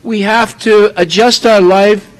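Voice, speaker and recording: A man's voice: high voice, fairly even intonation, unhurried, rough recording. A man from the United States preaching a sermon, emphatic and full of rhetorical questions.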